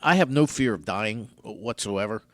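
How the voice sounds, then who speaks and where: A man's voice: on the low side, moderate pace, no room sound, clean studio sound. A man in his sixties hosting a radio show, telling a story in casual chat and acting out what others said. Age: 60s. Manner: animated storyteller who acts out other people's lines.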